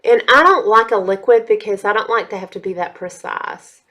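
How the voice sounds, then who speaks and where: Bright chatty woman vlogger. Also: mid-range voice, normal speed. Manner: chatty, addresses viewers as y'all. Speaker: beauty vlogger. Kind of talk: casual makeup tutorial chat.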